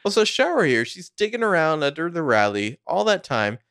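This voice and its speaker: A man's voice: on the high side, very animated, brisk, fairly bright tone, clear, resonant tone, no room sound, clean studio sound. A man co-hosting a podcast, rambling through a TV recap in a laid-back, wry way. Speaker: podcast co-host. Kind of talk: casual TV recap chat.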